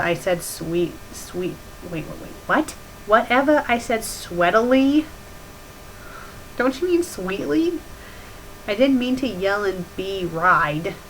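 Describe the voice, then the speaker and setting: A woman with a bright, tense voice reads a story aloud in a deadpan tone, then snaps into mocking, exasperated commentary. She plays the sarcastic host of a critique show. A faint hiss sits under the recording. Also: mid-range voice, takes it slowly, low-quality recording. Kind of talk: sarcastic dramatic reading with commentary.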